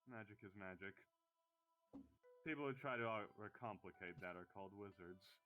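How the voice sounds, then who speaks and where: A man's voice: lowish voice, moderate pace, highs cut off, lightly acted. A man playing a gifted young noblewoman with magic eyes in a tabletop game, speaking in dry, matter-of-fact quips. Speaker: player. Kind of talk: in-character tabletop role-play. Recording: faint music behind.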